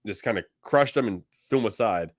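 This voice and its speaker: A man co-hosting a casual TV reaction podcast, animated, laughing and acting out characters' lines. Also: fairly low pitch, brisk, no room sound. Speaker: podcast co-host. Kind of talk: casual TV episode recap chat.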